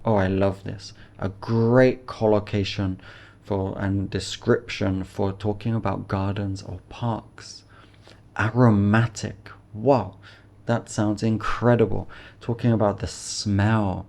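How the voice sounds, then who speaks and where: A man teaching an IELTS speaking lesson, breaking down phrases and modelling a sample answer. His voice is low and gravelly with a mellow, dark tone. He talks in an encouraging way. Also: fairly even intonation, takes it slowly. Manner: encouraging, explains phrases then models them. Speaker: English teacher.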